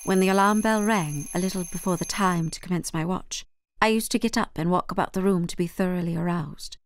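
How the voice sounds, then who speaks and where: A woman giving a gentle, measured first-person reading from a memoir. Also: on the low side, no room sound.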